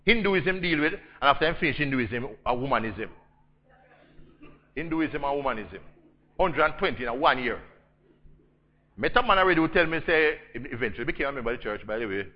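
A man with a Jamaican accent preaching a storytelling sermon, swinging between loud emphasis and hushed intensity. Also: medium pitch, expressive, fairly quick, pauses often, dull audio.

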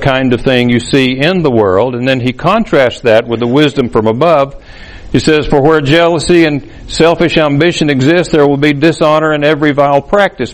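A man preaching a sermon, explaining scripture in a measured, teaching way. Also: fairly high pitch, poor audio. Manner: measured, explanatory, reads scripture aloud with emphasis. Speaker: pastor.

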